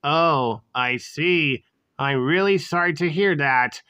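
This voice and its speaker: A woman voicing a shy new teenage boy student with an emo look, speaking softly and hesitantly. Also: low voice, slow, clear, resonant tone, dry recording, pitched below the performer's own voice. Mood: subdued.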